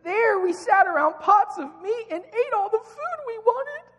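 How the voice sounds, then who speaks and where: Brief: whiny self-pitying complainers, squealing high, in a long reverb hall. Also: male voice, expressive, a bit bright, muffled recording, heavily acted. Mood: whining. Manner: shrill, whining, drawn-out wails.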